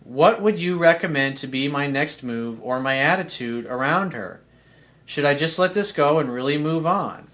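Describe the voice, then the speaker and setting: A man's voice: a little high, lively intonation, normal speed, fairly bright tone. A man, a dating coach, answering listener emails with blunt, conversational advice, slang and swearing.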